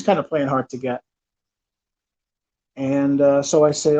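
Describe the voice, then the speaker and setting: A man's voice: fairly high pitch, flat delivery, normal speed, pauses often, darkish tone. A man in his thirties telling a personal story in a casual, rambling way, with lots of fillers and restarts. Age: 30s. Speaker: channel host. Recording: dull lo-fi recording.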